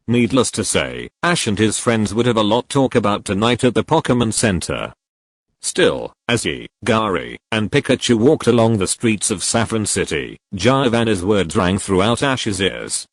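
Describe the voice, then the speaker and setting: A man narrating a fan fiction story in an even storytelling read. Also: on the low side, dry recording.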